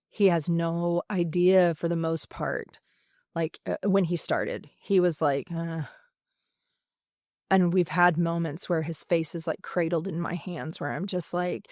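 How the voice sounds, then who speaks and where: A woman who teaches high school theatre, speaking earnestly and emphatically in a podcast interview, with many fillers and pauses. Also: fairly even intonation, a little mellow, no room sound, studio quality. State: emotional.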